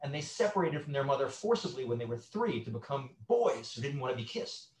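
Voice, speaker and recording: A man's voice: mid-range voice, a little fast. Middle-aged guy therapist telling stories, voice jumps all over, echoey room. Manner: animated storyteller, acts out quotes, many restarts. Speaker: sex therapist guest. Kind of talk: conversational interview. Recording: roomy echo.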